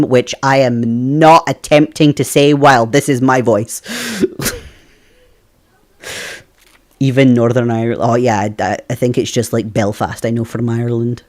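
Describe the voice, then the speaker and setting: A Scottish man from Scotland, streaming a game and chatting casually with his viewers, rambling on and laughing often. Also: medium pitch. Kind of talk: casual live-stream chat.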